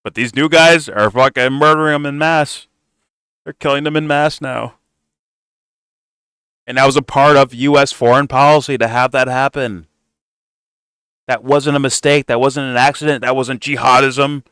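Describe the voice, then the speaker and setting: A man's voice: mid-range voice, fairly even intonation, normal speed, long pauses, fairly bright tone, smooth, no room sound, clean studio sound. A young man hosting a reaction commentary, cursing and mocking in a blunt, sarcastic way. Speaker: commentary host reacting to clips.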